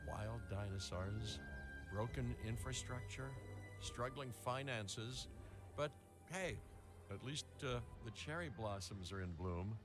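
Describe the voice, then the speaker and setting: A man's voice: on the low side, slow pace. An actor playing a laid-back, wry male park guide in a video game. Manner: dry, wry, easygoing. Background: loud music.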